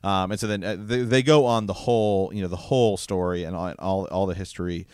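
A man with a very low voice talks casually about a book and reads passages from it aloud. He stops often with fillers and asides between lines. The sound is dry and close. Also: fairly even intonation, brisk, darkish tone, clean tone, no room sound. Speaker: book podcast co-host.

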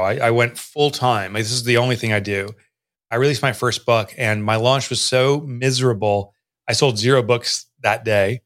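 A middle-aged American man in conversation, telling his own story with energy. He slips into the voices of people he quotes as he goes, and his pitch sits in an ordinary middle range. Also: a bit bright. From United States. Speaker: guest, business author.

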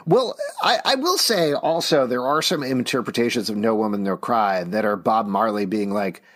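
A man's voice: lowish voice, moderate pace. A man in his thirties, co-hosting a podcast, talking eagerly and often chuckling in casual discussion. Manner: animated, enthusiastic, chuckles often. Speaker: podcast co-host.

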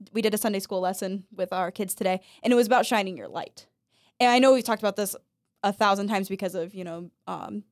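A woman's voice: mid-range voice, no room sound, clean studio sound. Chatty woman co-hosting a faith podcast. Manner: chatty, laughs often, acts out quotes. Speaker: podcast co-host. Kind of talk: casual Christian podcast chat.

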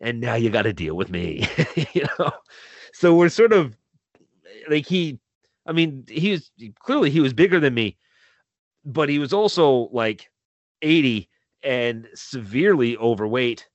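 A man's voice: medium pitch, lively intonation, measured pace, no room sound, lo-fi sound. A man co-hosting a casual chat over a video call, telling stories with a lot of swearing and laughter. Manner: profane, laughing storyteller. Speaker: podcast co-host.

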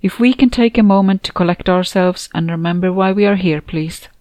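A woman voicing a calm, formal male funeral officiant. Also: lowish voice, fairly quick, no echo, lightly acted. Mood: formal solemn. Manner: formal, composed.

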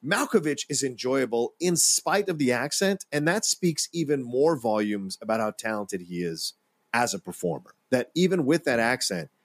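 A man co-hosting a film podcast, telling stories in a loose, animated chat. His pitch swings widely, and the recording is close and dry with no room sound. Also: moderate pace, dry recording. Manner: animated, rambling retelling of anecdotes. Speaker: podcast co-host. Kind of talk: casual movie-review chat.

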